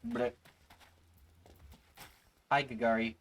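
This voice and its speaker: A man's voice: fairly low pitch, normal speed, low-quality recording. A man streaming a game, playful and rambling as he comments, with a sore throat. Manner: playful, rambling, reads game text aloud. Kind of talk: casual gameplay commentary.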